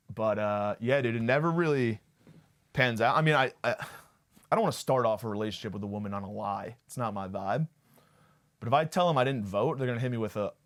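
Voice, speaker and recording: Young male podcast host, lowish voice, sarcastic crude rambling comedy. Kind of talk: comedic monologue.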